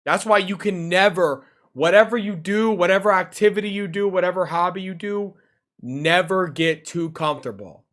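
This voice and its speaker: A man's voice: sits high, normal speed, fairly bright tone. A young man hosting a reaction video, talking in loose, slangy, exclaiming commentary.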